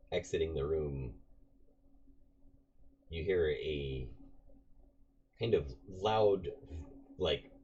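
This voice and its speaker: A man's voice: a bass voice, warm tone. A man running a tabletop game as game master, narrating in a loose, rambling way with many fillers. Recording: dull lo-fi recording with faint noise.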